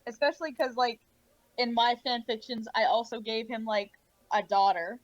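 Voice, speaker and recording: A woman co-hosting a casual chat, talking with quick chatty asides. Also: fairly high pitch, fairly even intonation, dry recording. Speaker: podcast co-host. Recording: dull lo-fi mic.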